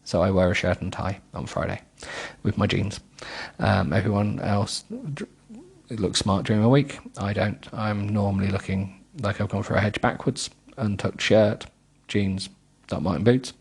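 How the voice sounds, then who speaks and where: Gravelly giggly middle-aged man. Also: on the low side, steady tone, normal speed. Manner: giggly, self-mocking, stumbles over words. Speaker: host reading a book aloud. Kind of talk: comic read-aloud with asides.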